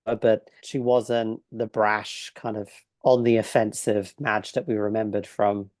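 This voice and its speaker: A man's voice: fairly low pitch, flat delivery, a little slow, a little mellow, dry recording, clean studio sound. A man co-hosting a podcast, chatting and putting questions to his co-host. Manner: conversational, asks questions. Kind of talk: casual chat.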